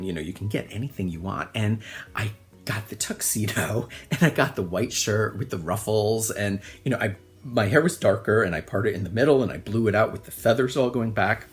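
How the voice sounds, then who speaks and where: A middle-aged man telling a personal story as host, rambling and self-mocking with lots of fillers. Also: fairly low pitch.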